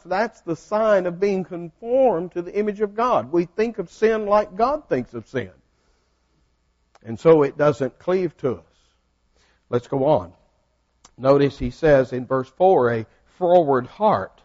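A man teaches a Bible study in a folksy, conversational way and keeps turning questions back to his class. His voice sits a little high. The recording is dull and lo-fi. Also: a little mellow. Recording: dull lo-fi sound.

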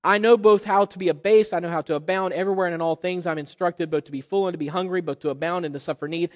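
A man with a fairly high voice preaches to his congregation, rising loud on key points and sinking to a hush on others. His voice rings with the long reverb of a large church sanctuary. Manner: preaching, swells loud on key points, drops low on quiet ones. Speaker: pastor. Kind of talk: sermon.

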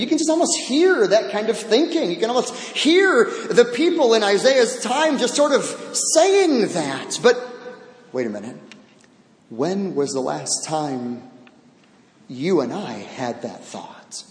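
A man preaching a sermon verse by verse, animated, acting out quoted voices and repeating words for emphasis. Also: high-pitched, unhurried. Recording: echoey hall.

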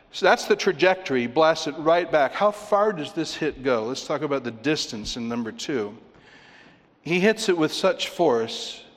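A man preaching a sermon from the pulpit, his voice pitched in an ordinary middle register. He talks in an animated, emphatic way, and the sound rings out with a long reverb through the hall. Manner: animated, uses baseball imagery, emphatic. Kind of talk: expository sermon.

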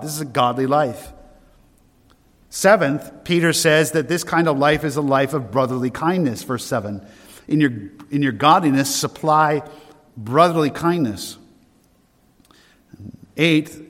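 A male pastor preaching in a conversational way, asking his listeners questions as he goes. His voice sits at an ordinary middle pitch. It rings with the long reverb of a church hall. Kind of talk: sermon.

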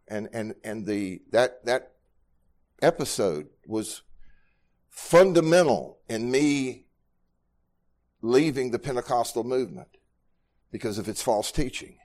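A man's voice: mid-range voice, darkish tone. A middle-aged man preaching at a Bible study, with a mid-range voice. He speaks earnestly and plainly, often doubling words as he goes. His delivery sounds like a pastor teaching his congregation. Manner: earnest, repeats words when moved.

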